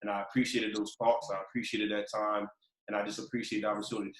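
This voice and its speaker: Male podcast host, lowish voice, animated storyteller, roomy echo. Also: quick pace. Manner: animated storyteller, acts out quotes. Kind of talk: casual storytelling chat.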